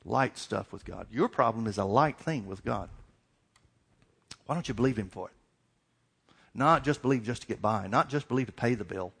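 A man's voice: medium pitch, animated, moderate pace, long pauses, fairly bright tone, husky. A middle-aged man preaching a sermon, asking repeated questions and acting out little dialogues. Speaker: pastor.

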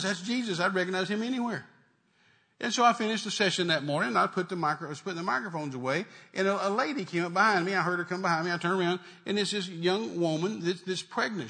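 A man's voice: high-pitched, bright, forceful tone. A man preaching a sermon, repeating phrases and building to emphatic declarations.

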